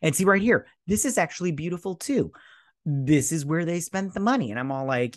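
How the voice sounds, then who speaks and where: A man's voice: fairly high pitch, animated, fairly quick, no room sound, clean studio sound. A man hosting a TV review channel, recapping an episode in a casual, crude, mocking way and often stumbling to recall names. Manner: crude, mocking, loose paraphrase; hesitant, searching for names.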